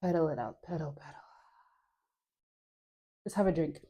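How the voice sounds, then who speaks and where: A woman guiding a dance class, coaxing and playful, with breathy sighs and frequent laughs between cues. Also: on the low side, steady tone, measured pace, pauses often, warm tone. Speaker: dance instructor.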